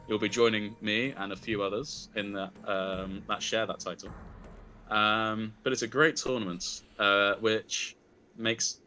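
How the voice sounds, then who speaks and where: A man's voice: fairly low pitch, bright, forceful tone. A man voicing a polite woman recruiter, a former tournament champion, in his own plain voice with plenty of ums and uhs. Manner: hesitant, many ums and uhs.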